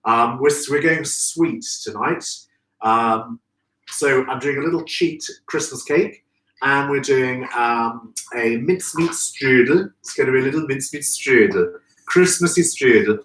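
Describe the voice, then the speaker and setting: A man's voice: medium pitch, unhurried, a bit bright. A man hosting a live stream, chatty and effusive, greeting viewers by name. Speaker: host of a live florist show. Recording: echoey room, distant from mic.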